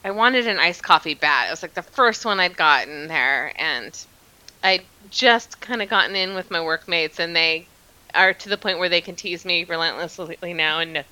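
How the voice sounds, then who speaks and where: A woman's voice: fairly low pitch, expressive, moderate pace, bright, forceful tone, smooth, rough recording. A woman from Oregon with an American accent, chatting as an interview guest, telling stories and laughing often. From Oregon, United States. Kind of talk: casual conversation.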